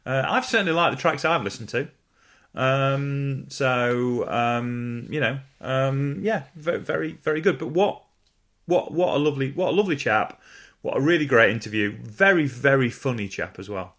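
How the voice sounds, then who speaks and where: A man's voice: medium pitch, moderate pace, a bit bright. A man hosting a podcast in a casual chat, hesitant and stumbling over his words. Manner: hesitant, stumbling, lots of fillers. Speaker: podcast host.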